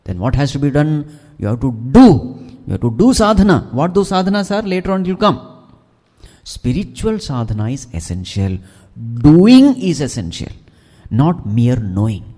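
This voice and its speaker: A man's voice: mid-range voice, sing-song, normal speed, mellow. A man giving a devotional discourse as a swami, posing questions and answering them himself and reciting Sanskrit verses. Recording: long hall reverb.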